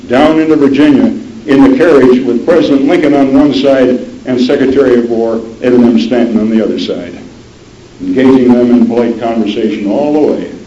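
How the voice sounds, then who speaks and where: Man telling a history tale in a roomy room. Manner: measured, drops low and soft for emphasis. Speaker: storyteller. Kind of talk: dramatic historical storytelling. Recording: roomy, dull lo-fi sound with faint noise.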